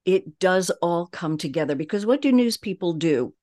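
Low-voiced Long Island woman voice coach. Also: animated, moderate pace, warm tone. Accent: Long Island New York. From Long Island, New York. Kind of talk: podcast interview.

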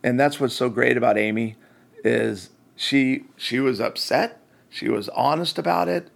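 A man's voice: medium pitch, unhurried, gravelly. A man hosting a faith-based marriage talk, telling a story with acted-out quotes and self-deprecating humor. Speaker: host.

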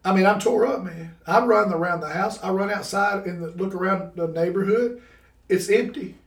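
A man telling a story from his childhood in a casual chat, animated and laughing as he tells it. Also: high-pitched, normal speed, distant mic. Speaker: guest. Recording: roomy sound, away from the mic.

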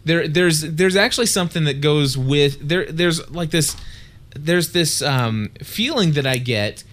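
A man's voice: a little high, a little slow, a bit bright. A man co-hosting a casual podcast, talking in a playful, rambling way and often restarting his sentences. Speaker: podcast co-host. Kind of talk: casual chat.

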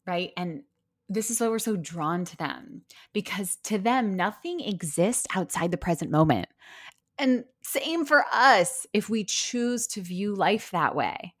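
A woman's voice: mid-range voice, animated, slow pace. A young woman who runs her own business, talking in a casual, reflective monologue, earnest and chatty with lots of "like" fillers. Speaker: podcast host and business owner.

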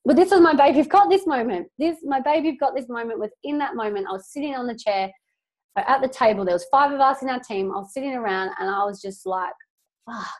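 A woman's voice: fairly high pitch, fast. A young woman hosting a solo motivational podcast, talking casually and emphatically, swearing freely as she coaches her listeners.

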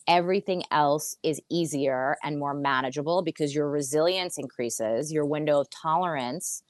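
Low-voiced woman therapist explaining. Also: no room sound, studio quality. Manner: earnest, repeats phrases for emphasis. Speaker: therapist guest. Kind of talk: conversational explaining. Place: seated in a chair.

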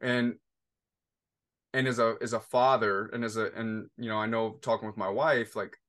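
A man's voice: fairly low pitch, steady tone, moderate pace, a bit bright. A podcast host in his thirties, a father, telling a long family story in a casual interview, full of restarts and fillers. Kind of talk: conversational interview.

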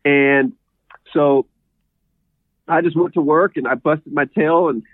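A man's voice: fairly high pitch, fairly even intonation, slow, no echo. A man being interviewed, telling his story in a rambling, casual way and laughing often. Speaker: guest, horse trainer. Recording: tinny phone-like line.

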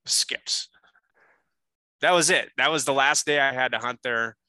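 A man telling a hunting story as a podcast guest, animated and full of casual fillers. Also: mid-range voice, measured pace, dry recording, low-quality recording.

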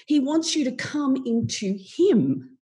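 A woman's voice: sits high, lively intonation, slow, warm tone. A middle-aged Australian woman, a podcast guest speaking frankly and laughing easily in casual interview chat.

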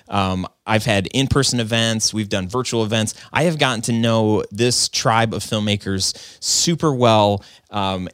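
On the low side but fairly bright, this man's voice comes through in studio quality with no room sound. He's a video business owner and podcaster telling his story casually, rambling, earnest, self-reflective and heavy on "like" and "um."

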